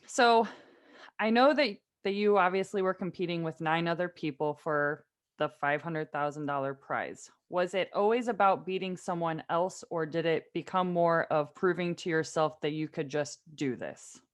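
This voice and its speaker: A woman with a fairly low voice hosts a casual podcast interview. She is friendly and quick to laugh, and she asks her guest long, easygoing questions. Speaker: podcast host.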